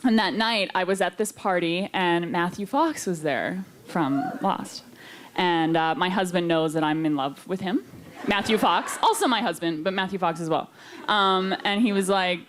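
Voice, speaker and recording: A woman's voice: medium pitch, expressive, normal speed. Chatty self-mocking woman on a convention panel. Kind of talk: casual anecdote telling.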